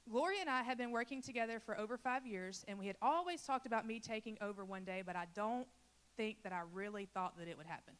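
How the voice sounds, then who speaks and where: A woman's voice: fairly high pitch, quick pace. A woman from Louisiana who leads a church children's ministry, giving an earnest and emotional personal testimony and talking straight to the congregation.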